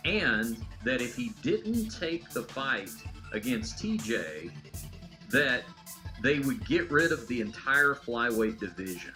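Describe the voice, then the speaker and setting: A man's voice: mid-range voice, sing-song, slow, bright, forceful tone, faint music behind. A man commenting in a podcast discussion, building up to a point.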